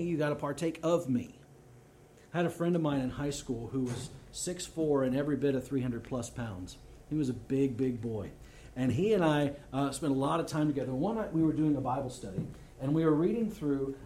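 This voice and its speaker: A man preaching a sermon, reading scripture aloud and weaving in lively stories. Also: mid-range voice, slight background noise.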